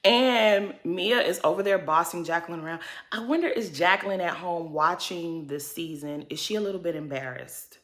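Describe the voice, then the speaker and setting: A woman's voice: fairly low pitch, moderate pace, fairly bright tone. A woman giving a casual, blunt and sassy recap of a reality show, with plenty of cursing.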